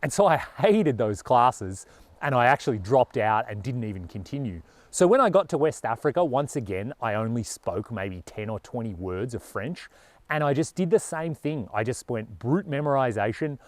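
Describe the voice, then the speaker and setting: A man's voice: mid-range voice, animated, moderate pace, dry recording. A man with an Australian accent talking earnestly and casually to camera as a travel vlogger, with a lot of "you know".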